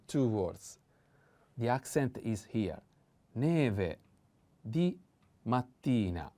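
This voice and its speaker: A man's voice: mid-range voice, mellow. A man with an Italian accent teaching a language lesson, patiently repeating words with careful stress.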